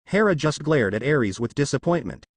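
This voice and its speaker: Male narrator reading fan fiction aloud, lively pitch, plain delivery, dry close-mic sound. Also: normal speed, breathy edge, dry recording.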